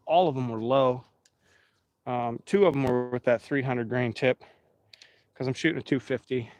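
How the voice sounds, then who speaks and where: A man's voice: mid-range voice, normal speed, music in the background. Chatty man live-streaming. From Pennsylvania. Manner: rambling, chatty, talks straight to the chat. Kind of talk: casual live-stream chat.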